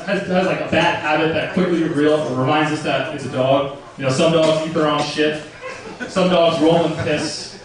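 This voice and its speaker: A man's voice: fairly high pitch, distant mic. A young man doing a stand-up comedy set in a club, telling stories in a crude, profane, casual way. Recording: roomy club recording from afar.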